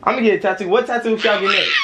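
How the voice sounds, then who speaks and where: A man's voice: sits high, racing, very noisy. A man filming a casual home vlog as a young father, playfully laughing and scolding his toddler in a bedroom.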